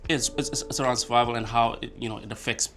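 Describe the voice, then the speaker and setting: A man in a casual group discussion, speaking haltingly and often restarting his sentences. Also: mid-range voice, steady tone, over music. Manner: halting, many fillers and restarts. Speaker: podcast co-host.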